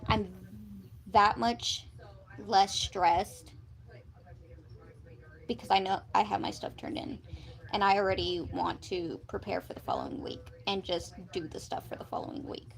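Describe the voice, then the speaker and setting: A woman's voice: mid-range voice, lively intonation, a little slow, creaky, long pauses, poor audio. A woman streamer chatting casually to viewers while studying, rambling and sometimes dropping to a whisper. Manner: rambling self-talk, drops to whispers.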